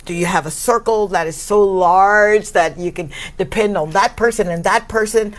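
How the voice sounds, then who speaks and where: A woman hosting a talk show, effusive and grateful, laughing often and breaking into high exclamations. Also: moderate pace. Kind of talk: warm talk show interview.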